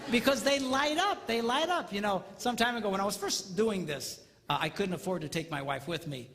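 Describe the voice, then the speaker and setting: A man giving a comedic seminar talk on marriage, animated and mimicking squealing women in falsetto. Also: brisk. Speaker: comedic relationship speaker. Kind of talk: stand-up style seminar talk. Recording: live hall, faint ambience.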